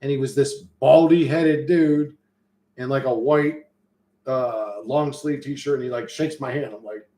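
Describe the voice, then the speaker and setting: A man's voice: mid-range voice, steady tone, measured pace, warm tone. A man talks in a loose, profane, slang-heavy ramble, restarting his sentences as he goes. He sounds like a casual stream host chatting with viewers, and his voice bounces around a roomy, echoey space. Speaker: livestream host reading chat. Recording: roomy echo.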